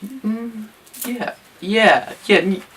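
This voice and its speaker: A man's voice: high-pitched, extremely slow, a bit bright, slightly rough. A young man co-hosting a casual film review, mostly agreeing with short replies and a bit sweary. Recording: voice from a distance.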